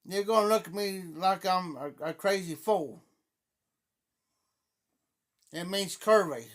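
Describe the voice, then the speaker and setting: A middle-aged Ohio man with a southern Ohio Appalachian accent hosts a livestream, chatting in a folksy, rambling way and greeting viewers by name. His voice sits high and he speaks at normal speed.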